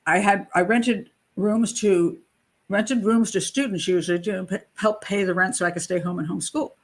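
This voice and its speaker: A middle-aged woman hosting a show, telling a personal story in a casual, animated way and acting out the voices of the people in it. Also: a little high. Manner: animated, acts out quoted voices, frequent restarts. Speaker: host, criminal profiler.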